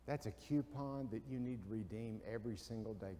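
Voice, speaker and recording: A man's voice: lowish voice, fairly quick, hardly any pauses, mellow, big-room sound, a little hiss or hum. A man preaching a folksy sermon in a church, asking his listeners questions and answering them himself. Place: church sanctuary.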